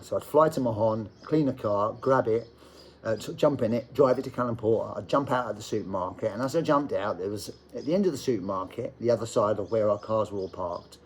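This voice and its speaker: A man's voice: lowish voice, slight background noise. A middle-aged man, casually telling a personal anecdote, often laughing as he talks. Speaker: storyteller.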